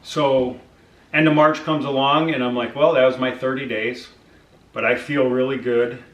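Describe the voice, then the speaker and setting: A man's voice: medium pitch, flat delivery, moderate pace, recorded from a distance. Chatty man telling his story in an echoey room. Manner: conversational, acts out dialogue with frequent fillers. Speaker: vlogger sharing his diet journey. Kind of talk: casual personal storytelling.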